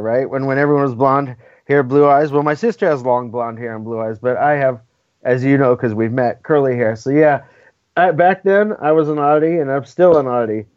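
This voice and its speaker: A man's voice: mid-range voice, no echo. Emphatic man on a dull, dry recording. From California. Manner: emphatic and opinionated, often ends points with "right?". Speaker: interview guest. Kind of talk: casual conversational interview.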